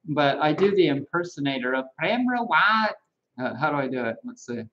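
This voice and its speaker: A man hosting a casual live-stream monologue as a holistic health practitioner, chatty and animated, laughing at his own jokes. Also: a little high, normal speed, dull audio.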